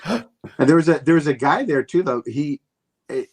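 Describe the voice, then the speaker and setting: A man's voice: fairly high pitch, animated, normal speed, darkish tone, husky. A man hosting a comedy chat show, musing at length in a rambling way. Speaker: comedian host.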